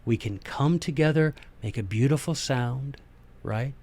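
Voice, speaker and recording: A man hosting a podcast, giving a casual, animated lecture on history and politics and slipping into little skits. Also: medium pitch, unhurried. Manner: animated, folksy, acts out little skits in voices. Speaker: podcast host.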